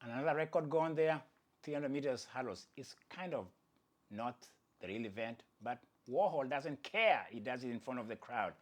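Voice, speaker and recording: A man's voice: medium pitch, animated, normal speed. A man hosting his own channel, giving casual, playful commentary with chatty asides to viewers and jokes at his own expense. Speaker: athletics commentator and channel host.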